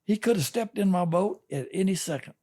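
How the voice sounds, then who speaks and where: A man's voice: high voice, expressive, a little mellow. An older man, a fishing captain telling a folksy story in a casual interview. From Texas. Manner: folksy, drawn-out yarn spinning with chuckles.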